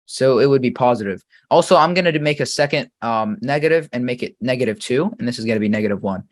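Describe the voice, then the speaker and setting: A man teaching an English grammar lesson, reading example sentences slowly and quizzing the viewer patiently. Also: mid-range voice.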